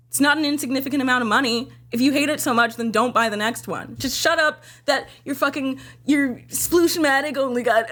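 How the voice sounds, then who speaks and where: A young woman with a slightly high voice talks through her own video in an excitable, gushing rush. She swears freely and keeps leaping up into squeals when something thrills her, then drops back to a low mutter. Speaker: video creator giving director's commentary. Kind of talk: casual commentary chat.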